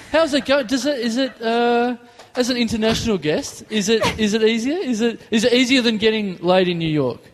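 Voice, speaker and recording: A man's voice: very high voice, moderate pace, slight background noise. An Australian man hosting a live comedy show, asking questions in a playful joking way. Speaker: host. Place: bar stage before a live audience.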